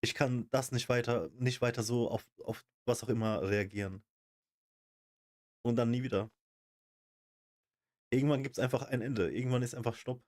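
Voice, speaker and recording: A man's voice: medium pitch, steady tone, moderate pace, pauses often, a little mellow. Casual male streamer reacting to a clip. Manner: casual, slangy, impressed.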